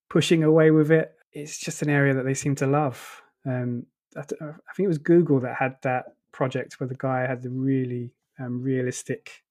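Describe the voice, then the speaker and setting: A man with an Essex accent co-hosting a tech podcast, relaxed and chatty. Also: medium pitch. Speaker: podcast co-host. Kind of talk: casual tech discussion.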